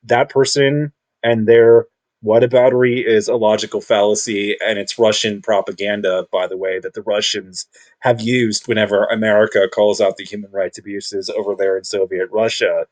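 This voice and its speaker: A man's voice: lowish voice, level tone, a little mellow. Rambling, combative man thinking aloud. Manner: rambling, halting, many restarts and fillers; combative, self-assured. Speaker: video commentator. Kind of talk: unscripted monologue.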